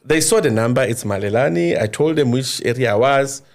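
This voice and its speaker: Man, informal storytelling, lively and slangy, mid-pitched voice. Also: normal speed. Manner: animated, informal, slangy, apologetic asides. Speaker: interviewee, former crime intelligence source. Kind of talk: casual spoken storytelling.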